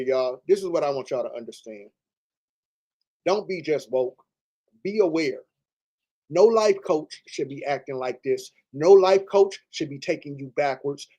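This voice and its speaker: A man hosting a livestream, ranting in a heated, profane, repetitive way. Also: fairly high pitch. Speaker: livestream host. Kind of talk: livestream rant.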